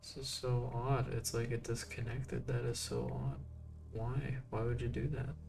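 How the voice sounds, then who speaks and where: Male game master for a streamed tabletop game, casual and chatty, average pitch. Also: level tone, measured pace, vocal fry, over music. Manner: casual, chatty, joking asides.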